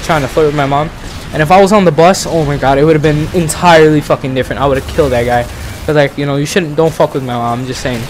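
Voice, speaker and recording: The speaker, a young vlogger and channel host from the Bronx, New York, has a fairly high-pitched voice. He rambles through a casual story full of profanity, fillers and restarts, with slight background noise behind him.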